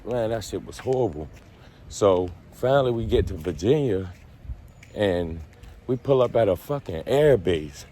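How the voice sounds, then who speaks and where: Low-voiced man telling a profane story. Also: dark tone, slight background noise. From Baltimore. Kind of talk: casual storytime.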